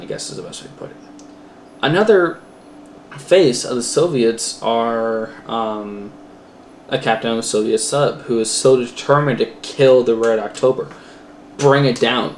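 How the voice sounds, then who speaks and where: A man's voice: medium pitch, darkish tone. Man, casual movie review, rambling, lots of fillers and restarts, roomy echo, faint background noise. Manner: rambling, many fillers and self-corrections. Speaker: student film reviewer.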